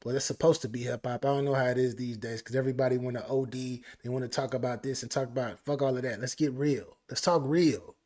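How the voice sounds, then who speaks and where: A man hosting a live album reaction stream, talking excitedly and repeating phrases. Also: mid-range voice, fast talker, hardly any pauses. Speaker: music reaction host.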